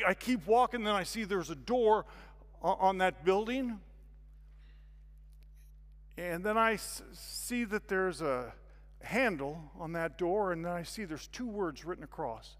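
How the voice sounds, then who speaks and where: Animated male preacher in a reverberant hall. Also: sits high, measured pace. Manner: animated, acts out scenes with sudden loud bursts. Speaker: guest speaker. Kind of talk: storytelling sermon.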